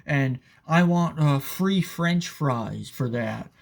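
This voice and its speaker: A man's voice: on the high side, animated, takes it slowly, creaky, exaggerated voice. A man doing a whiny, entitled old lady customer. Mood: indignant. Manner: melodramatic, wailing.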